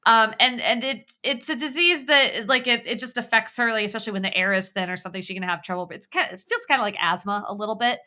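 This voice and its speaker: A woman talks through a video game puzzle on a podcast in a casual, animated way, slipping into quick quoted lines from the characters. Her voice is bright and sits a little high. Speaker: podcast co-host.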